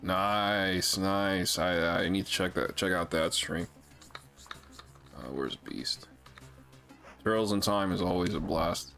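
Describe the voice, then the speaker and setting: A man streaming a retro game, chatting casually with viewers, swearing freely and reacting out loud. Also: low voice, slow, pauses often, soft background music. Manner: loose, profane, reads chat aloud. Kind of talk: casual live-stream chat.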